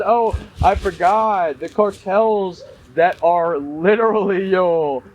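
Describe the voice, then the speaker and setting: A man's voice: high voice, slow pace, hardly any pauses, darkish tone. A man giving a casual commentary, emphatic and repetitive, ranting conspiratorially and calling his viewers y'all. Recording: noisy background.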